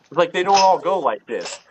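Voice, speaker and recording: A man from Ohio telling a hunting story on a podcast in a loose, animated, laughing way, full of swearing and fillers. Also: sits high, background noise. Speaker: podcast guest. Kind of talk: casual storytelling.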